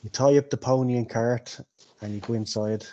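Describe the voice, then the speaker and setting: A man's voice: mid-range voice, fairly even intonation, normal speed, warm tone, highs cut off. Man running a tabletop game. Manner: loose, laughing narration. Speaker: game master.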